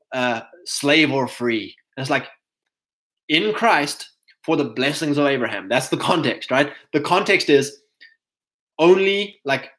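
A South African man talking off the cuff in a voice pitched a touch high. He is animated and keeps slipping into mocking put-on voices with quick laughs and plenty of fillers. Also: low-quality recording. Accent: South African English. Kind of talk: casual monologue.

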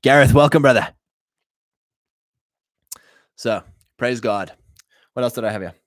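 A man's voice: mid-range voice, measured pace, dry recording. Male host, rambling livestream talk, dry close mic. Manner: rambling, repeats himself, many fillers. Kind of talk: casual livestream commentary.

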